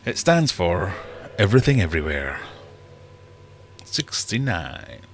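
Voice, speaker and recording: A man's voice: deep voice, big pitch swings, measured pace, a little hiss or hum. A man hosting a casual live-stream quiz, chatty and joking as he reads out the questions. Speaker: livestream quiz host.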